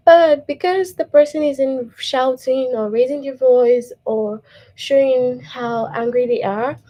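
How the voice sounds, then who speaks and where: A woman's voice: sits high, slow, dark tone, rough recording. A woman teacher giving a patient grammar lesson to young children, checking in with "okay?" and reading example sentences aloud.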